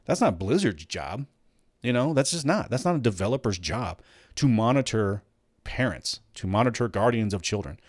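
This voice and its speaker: A man's voice: fairly low pitch, lively intonation, normal speed, no room sound, studio quality. A man hosting a casual commentary show, ranting bluntly and swearing, with many restarts. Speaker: host.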